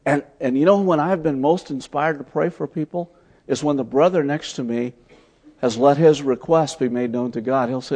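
A man preaching a sermon, telling stories as he teaches, swinging from loud emphatic lines to soft, hushed ones. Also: mid-range voice, normal speed. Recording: long hall reverb.

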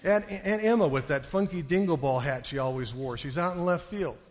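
Animated male preacher in a reverberant hall. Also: a little fast. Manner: animated storyteller, jumps into high excited delivery. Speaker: pastor. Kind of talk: sermon with storytelling. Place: church sanctuary.

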